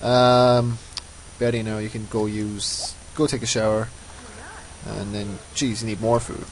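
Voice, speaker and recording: A man's voice: lowish voice, level tone, unhurried, a little hiss or hum, low-quality recording. Rambling man narrating his gameplay. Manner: rambling, self-mocking. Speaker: let's play host. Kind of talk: casual gameplay commentary.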